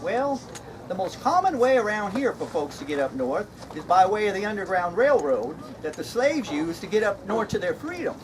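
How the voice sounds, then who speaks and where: A man's voice: high voice, sing-song, normal speed. A man playing a jovial, folksy, slightly mad Straw Hatter in an outdoor comedy skit, chuckling at his own jokes. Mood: jokey. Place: outdoor reenactment event. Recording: outdoor crowd and noise.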